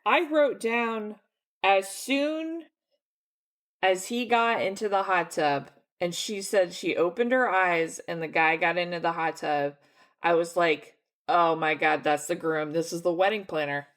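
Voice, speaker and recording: A young woman with a somewhat low voice co-hosting a relaxed book club chat. She is giggly and playful, laughing easily as she jokes about the story. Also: measured pace. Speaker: book club podcast co-host. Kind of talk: casual book discussion.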